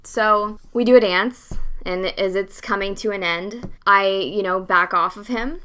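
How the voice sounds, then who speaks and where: A young woman hosting a podcast, telling a story in a casual, animated way, acting out the dialogue and swearing freely. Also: medium pitch, measured pace, clear, resonant tone. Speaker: podcast host.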